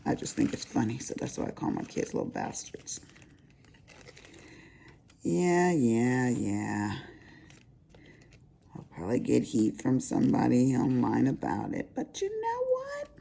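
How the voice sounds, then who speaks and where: This older woman from the American South has a deep, heavily gravelly voice that swings widely in pitch as she chats. She talks slowly and folksily, calling her viewers honey and y'all, and her voice sits low and dark. A faint background hiss runs under it. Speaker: crafting vlogger. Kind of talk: casual chat while crafting.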